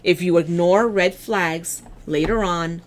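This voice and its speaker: A woman's voice: fairly low pitch, takes it slowly, slight background noise. A woman giving a casual tarot reading, blunt, chatty and encouraging, often restarting her sentences. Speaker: tarot reader.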